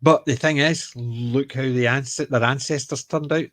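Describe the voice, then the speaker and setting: A man's voice: medium pitch, steady tone, measured pace, fairly bright tone, dry recording. Chatty Glaswegian man, dry sound. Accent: Glaswegian Scottish. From Scotland. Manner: rambling, self-correcting, joking. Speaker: podcast co-host. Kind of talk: casual chat.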